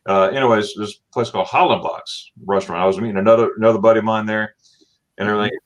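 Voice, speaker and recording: A middle-aged man from Florida hosting a casual livestream chat, telling animated stories and acting out what people said with laughs. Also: lowish voice, quick pace. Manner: animated storyteller, acts out quotes with laughs. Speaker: livestream host.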